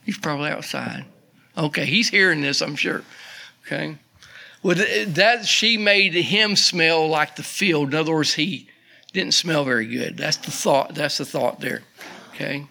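Brief: pastor, man, folksy radio Bible study with asides, bright and high. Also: unhurried, creaky. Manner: folksy, chatty asides and laughter.

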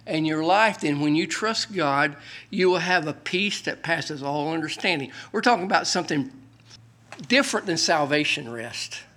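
A man preaching a sermon as pastor, reading scripture aloud loudly and dropping to quiet, folksy asides. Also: fairly high pitch, animated, normal speed.

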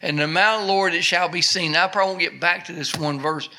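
A man preaching a sermon, reading scripture aloud with slow emphasis and then explaining it in a casual, conversational way. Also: high voice, steady tone, pushed and bright, a little hiss or hum.

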